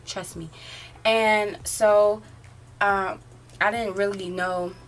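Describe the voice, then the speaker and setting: A woman's voice: mid-range voice, fairly even intonation, takes it slowly, a little hiss or hum. An eighteen-year-old woman telling a story in a casual, rambling way, filling it with "like" and "um". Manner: rambling, filler-heavy, often says "like". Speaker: vlogger.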